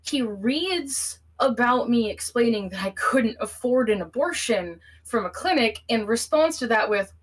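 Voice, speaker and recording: A woman calling into a live stream, speaking earnestly and haltingly, her breathing shaky from panic. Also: a little high, lively intonation, slightly rough, poor audio. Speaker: caller. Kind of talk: emotional call-in conversation.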